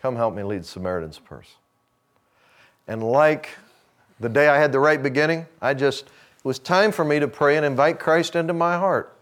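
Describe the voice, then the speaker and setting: A middle-aged man with a drawl gives a folksy sermon at a mid-range pitch. He acts out the conversations in his stories and sinks into soft, hushed tones when he quotes someone. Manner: folksy storyteller, acts out dialogue, drops to a hush for quotes. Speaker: speaker addressing a men's gathering. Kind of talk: sermon with personal story.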